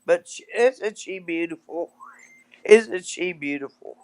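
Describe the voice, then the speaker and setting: A woman's voice: lowish voice, animated, slow, a little mellow. Teasing, rambling older woman. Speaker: guest, mother of the host. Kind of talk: casual live-stream chat.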